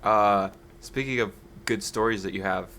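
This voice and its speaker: A man's voice: lowish voice, moderate pace, a bit bright, slight background noise. A man co-hosting a podcast, chatting casually and prompting his co-host with short reactions. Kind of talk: casual chat.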